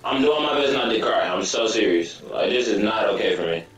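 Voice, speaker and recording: A man's voice: lowish voice, lively intonation, brisk, fairly bright tone, very echoey, far from the mic. A man hosting a reaction video, casual and anxious, swearing a lot and calling everyone bro.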